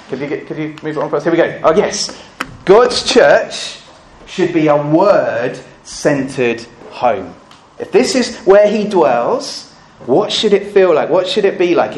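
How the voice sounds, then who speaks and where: A man preaching a sermon, full of rhetorical questions and swinging between loud emphasis and hushed asides. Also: on the high side. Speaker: pastor.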